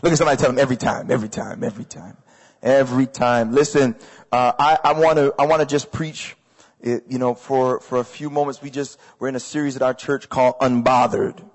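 A man preaching a sermon as a pastor, energetic and conversational, repeating phrases for emphasis to a crowd. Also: mid-range voice, brisk. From Canada. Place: large hall with audience. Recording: echoey hall.

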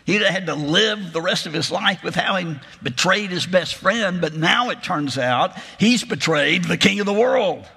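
A man's voice: sits high, expressive, normal speed, vocal fry, hardly any pauses, bright, forceful tone, slightly rough. A man preaching a sermon, retelling a gospel story in a reflective, imaginative way. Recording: long reverb of a large hall.

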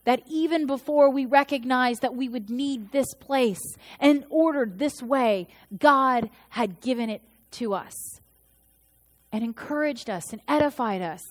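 Woman, 30s, pastor, sermon, storytelling, acts out quoted voices, somewhat high voice.

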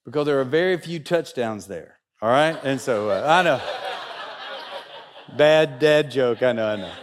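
A man, speaking in a fairly high voice. He tells a funny story to an audience, animated and joking, and builds up excitement as he goes. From Kentucky, USA. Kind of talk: humorous storytelling talk.

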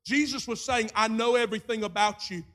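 A man preaching a sermon, moving from quiet storytelling to shouted preaching and acting out voices in his retelling. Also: high voice, brisk.

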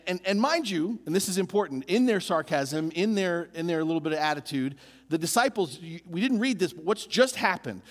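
Animated male preacher in a reverberant hall. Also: high voice. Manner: animated, building emphasis with repeated phrases. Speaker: pastor. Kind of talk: sermon.

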